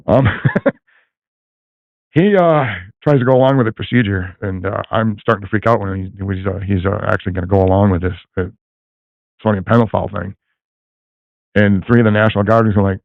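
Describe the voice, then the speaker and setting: Gravelly fast-talking older man. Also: lowish voice, no echo. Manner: rambling, many fillers and restarts. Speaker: guest telling a personal story. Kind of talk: rambling personal storytelling. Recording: tinny phone-like line, dry.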